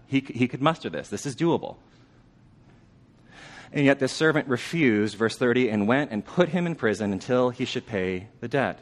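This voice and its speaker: A man preaching a sermon in a conversational way, asking the congregation questions and dropping to a hushed tone for weighty lines. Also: medium pitch, expressive, moderate pace.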